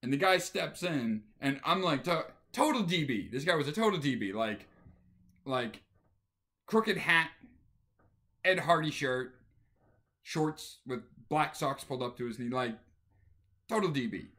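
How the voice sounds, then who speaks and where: A man's voice: a little high, unhurried, long pauses. A man hosting a stitching video show, telling a story casually and chuckling along the way. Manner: animated, chuckles through the story.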